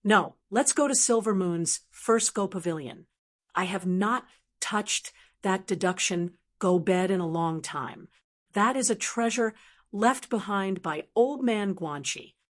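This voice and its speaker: A woman's voice: medium pitch, a little slow, close to an everyday voice. A woman voicing a stern old man of rank who speaks coldly and gives commands, in an audiobook. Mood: calm. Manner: cold, commanding. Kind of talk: audiobook character reading.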